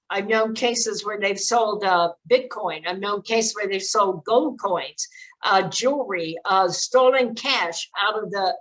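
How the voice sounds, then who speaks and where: An older woman with a mid-range, slightly bright voice gives parents earnest, direct advice in a presentation, using lots of fillers. She speaks on preventing child exploitation, and the audio is poor.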